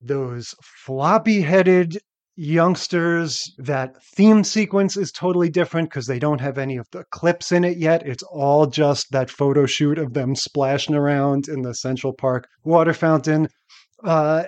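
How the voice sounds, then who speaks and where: A man's voice: a little high, moderate pace, dry recording. A man co-hosting a podcast, chatting in a wry, conversational way about sitcoms. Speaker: podcast co-host. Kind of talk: casual chat about sitcoms.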